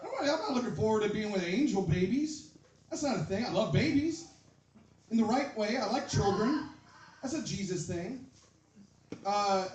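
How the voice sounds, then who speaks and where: Male stand-up comic, rambling, erupts into shouted bits; higher voice, echoey room. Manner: rambling, shouts sudden impressions. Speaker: stand-up comedian. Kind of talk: stand-up set at an open mic. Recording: roomy, from a distance.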